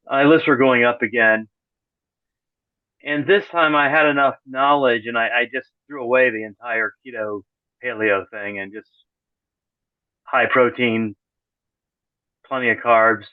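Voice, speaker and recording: A man's voice: mid-range voice, fairly even intonation, measured pace, pauses often, dry recording. A middle-aged man, a podcast guest, talks casually in an interview, rambling and correcting himself as he goes, with dry, sarcastic humor. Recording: tinny phone-like call audio.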